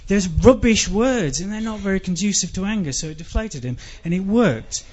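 English guy doing a rambling deadpan comedy bit, highish voice, kinda muffled lo-fi sound. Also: moderate pace, hardly any pauses. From England. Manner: dry, rambling, self-deprecating delivery with sudden shouted outbursts. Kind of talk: comic monologue. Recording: dull lo-fi recording.

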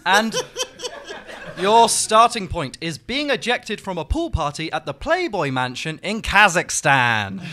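A man's voice: sits high, big pitch swings, slow pace, pauses often, bright, forceful tone. A man hosting a comedy game, announcing rounds in a playful way. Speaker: game show host.

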